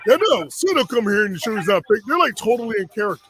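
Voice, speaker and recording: A man's voice: sits high, fast talker, music in the background. A man in his forties from Connecticut telling a long story casually, acting out the other people's lines. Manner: animated, acts out quoted voices.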